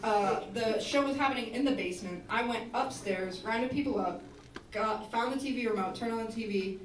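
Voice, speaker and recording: A high-voiced woman tells a loose, rambling story between songs, swearing freely and backtracking mid-sentence. She sounds distant from the mic in an echoey venue, with music in the room. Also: normal speed, a little hiss or hum. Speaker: musician performing a live set. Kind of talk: casual stage banter between songs. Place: small live music venue.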